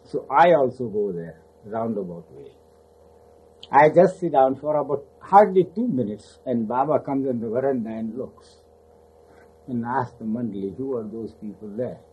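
A man's voice: mid-range voice, expressive, normal speed, slightly rough. An older man casually recounting memories of his spiritual teacher, rambling, laughing often and acting out the voices he quotes. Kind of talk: casual spoken reminiscence. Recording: muffled lo-fi recording.

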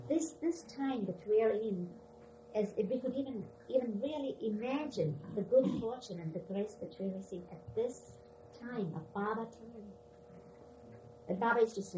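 Woman, reflective speaker, mid pitch, roomy echo around her voice. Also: normal speed, warm tone, slight background noise. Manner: thoughtful, searching for words. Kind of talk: reflective talk.

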